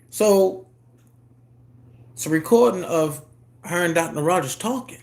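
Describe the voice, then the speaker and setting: A man, telling a personal story in a casual monologue and jumping into high voices to quote people. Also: expressive, a little slow, gravelly, long pauses, darkish tone. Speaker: YouTube commentator.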